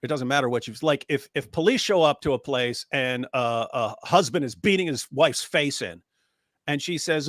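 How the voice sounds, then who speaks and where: A man's voice: mid-range voice, normal speed, fairly bright tone, dry recording, studio quality. A man arguing a point in a casual online discussion, often acting out quoted speech. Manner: argumentative, acts out quoted speech. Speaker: co-host.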